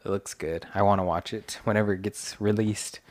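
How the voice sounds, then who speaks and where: A man's voice: lowish voice, fairly even intonation, a little fast. Slangy young man in casual chat. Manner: loose, slangy, heavy use of "like" and "dude".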